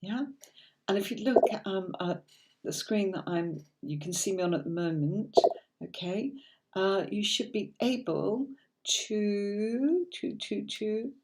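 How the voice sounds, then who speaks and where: A woman's voice: medium pitch, slow pace, darkish tone, a little hiss or hum. A woman with a British accent chatting on a live stream, talking to viewers with lots of ums and restarts. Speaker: tarot teacher streaming live.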